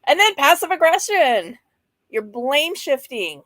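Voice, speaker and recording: A woman's voice: high-pitched, big pitch swings, measured pace, a bit bright, dry recording. A woman in her fifties hosting a casual mental health talk, frank and chatty, often breaking into laughter and playful asides while going through slides. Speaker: host of a mental health livestream.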